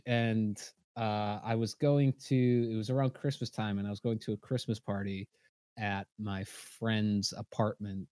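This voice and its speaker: A man in his twenties co-hosting a podcast, telling animated, profane anecdotes in casual chat. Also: lowish voice, no room sound. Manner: animated, profane storyteller who acts out quotes. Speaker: podcast co-host.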